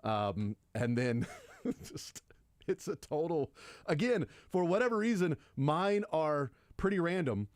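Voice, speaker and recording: A man's voice: fairly high pitch, lively intonation, takes it slowly, darkish tone, no echo, clean studio sound. A man hosting sports radio talk, rambling in a casual and enthusiastic way about favorite old players. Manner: rambling, enthusiastic, fond of nostalgic player picks.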